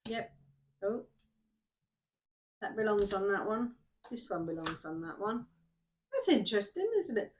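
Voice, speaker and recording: A woman's voice: mid-range voice, big pitch swings, unhurried, long pauses, a little hiss or hum. Chatty woman reading cards. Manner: chatty, rambling, talks to herself while shuffling cards. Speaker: tarot card reader. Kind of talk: casual oracle card reading. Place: summer house.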